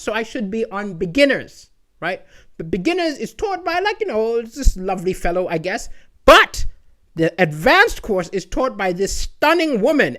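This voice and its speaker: Brief: animated male stand-up comedian from Malawi, very expressive pitch, conversational delivery. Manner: animated and chatty, keeps asking "right?".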